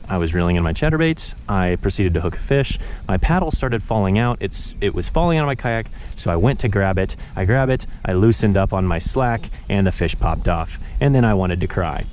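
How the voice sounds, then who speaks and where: Excitable low-voiced man on a kayak. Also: fairly quick. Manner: excitable, swings between frustration and cheer. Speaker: fishing vlogger. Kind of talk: casual outdoor vlog narration. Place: kayak on a lake outdoors. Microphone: action camera. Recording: noisy outdoor action-camera audio.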